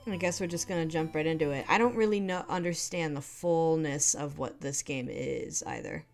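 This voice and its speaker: A woman's voice: sits low, big pitch swings, moderate pace, soft background music. Chatty woman playing a game aloud. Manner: chatty, easily delighted. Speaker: gamer reading a game aloud. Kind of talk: casual let's-play commentary.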